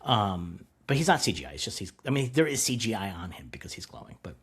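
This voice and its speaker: A man with a husky, slightly breathy voice talks through a TV episode in loose, casual chat. He rambles as he retells scenes, slips into quoted dialogue and swears freely. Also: lowish voice, very animated, quick pace, a bit bright. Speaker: podcast co-host.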